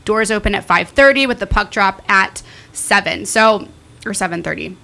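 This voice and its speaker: A woman's voice: medium pitch, moderate pace, vocal fry, sharp tone. A woman who hosts for a hockey team, talking in an upbeat, eager way as a podcast guest. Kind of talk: casual sports talk.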